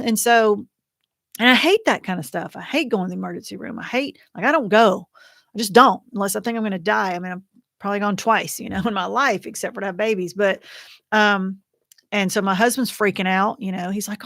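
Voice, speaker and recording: A middle-aged woman talks through a livestream, rambling and chatty as she tells her story, with many fillers and false starts. Her voice sits at an ordinary pitch for a woman. The sound is dry and close, with little room around it. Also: brisk, creaky, fairly bright tone, no echo. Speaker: host of a widows' support livestream. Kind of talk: casual livestream chat. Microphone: computer or phone mic for a livestream.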